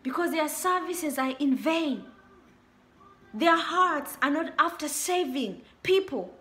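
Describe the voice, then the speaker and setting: A woman's voice: high voice, expressive, slow pace, pushed and bright. A young woman preaching a sermon, repeating her warnings and rhetorical questions with emphasis. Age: young adult.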